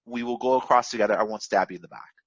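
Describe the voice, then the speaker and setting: A man's voice: medium pitch, steady tone, racing, a bit bright, slightly rough, no room sound, voice pushed down. A man voicing a sly male scorpion from a fable, pleading and insistent, in a dull lo-fi recording.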